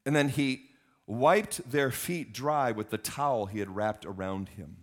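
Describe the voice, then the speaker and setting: A man's voice: medium pitch, unhurried. A man in his fifties, a pastor preaching a sermon, emphatic and repeating words for stress.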